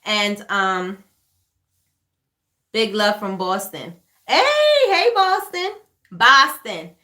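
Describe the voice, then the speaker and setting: Bright-voiced New York woman chatting live. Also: mid-range voice, animated, drawn-out words, echoey room. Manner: chatty, repeats herself, reads out viewer comments. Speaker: livestream host, candle maker. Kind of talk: casual livestream Q&A. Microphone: webcam or phone livestream.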